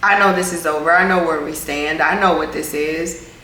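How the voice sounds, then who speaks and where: A woman's voice: low voice, fairly even intonation, normal speed, bright, forceful tone. A woman vlog host giving a casual, earnest motivational talk, often circling back to repeat her point. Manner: earnest, repetitive, reflective. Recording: roomy room with faint background hum.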